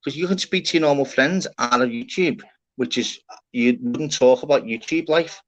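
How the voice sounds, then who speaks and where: On a live stream panel held over an online call, a man with a mid-range voice talks at normal speed. As host, he rambles and swears his way through casual chat packed with "innit" and "lad", and the stream audio is muffled and lo-fi.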